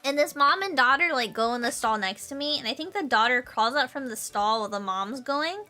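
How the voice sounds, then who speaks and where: A woman's voice: high voice, expressive, a little fast, pushed and bright, soft background music. A young woman hosting a casual livestream chat, rambling through stories and breaking into giggles. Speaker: livestream host.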